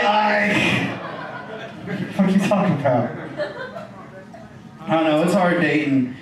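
A man's voice: on the high side, animated, unhurried, long pauses. A man doing a crude, loose, conversational stand-up comedy set on a bar stage in front of a live audience. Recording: echoey room, distant mic, crowd audible.

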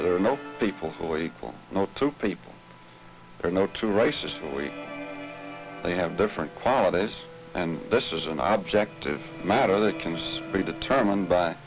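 A man making a flat, assertive interview statement. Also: deep voice, creaky, rough recording.

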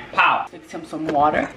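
Young woman, casual phone vlog, jokey, clear background noise. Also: medium pitch. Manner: chatty, joking, addresses viewers as y'all. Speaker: vlogger. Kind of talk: casual vlog chat to camera. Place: home and car.

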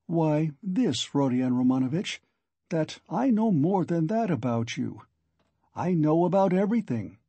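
A man's voice: a little high, sing-song, a little slow, mellow, no echo, exaggerated voice. A man reading a probing, knowing investigator. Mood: insinuating. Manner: pressing, confiding tone of someone who knows more. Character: probing, insinuating male investigator, knowing and persistent. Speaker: audiobook reader. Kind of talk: audiobook reading of a classic novel.

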